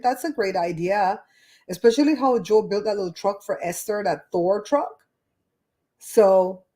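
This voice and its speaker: A woman's voice: on the high side, a little mellow. Blunt, salty-talking woman host. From Belize. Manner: blunt, profane, candid storytelling. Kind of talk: casual livestream chat.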